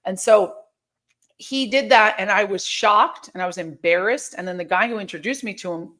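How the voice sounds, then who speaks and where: A woman's voice: medium pitch, moderate pace, pushed and bright. A woman guest in an interview, telling a personal story in a candid, emphatic way with many restarts and quoted dialogue.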